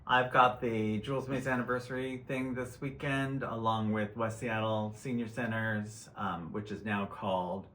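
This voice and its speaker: Guy from utah, bright forceful voice, gushing and upbeat, echoey room sound. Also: on the low side, steady tone, measured pace, few pauses, slight background noise. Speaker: drag queen co-host and tarot reader. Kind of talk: casual chat.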